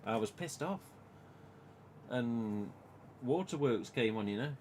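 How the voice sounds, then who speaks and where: He's a man from England in his forties, hosting a casual live-stream chat in a mid-range voice and speaking slowly. Animated and foul-mouthed, he often quotes himself, and a little hiss or hum is audible.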